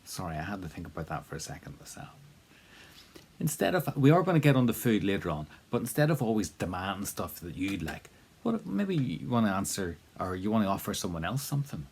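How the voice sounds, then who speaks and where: Husky, deep-voiced man teaching. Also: very animated, a little fast, a little mellow. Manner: casual, encouraging, with many fillers and repeated drill prompts. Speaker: language teacher. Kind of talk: spoken language lesson.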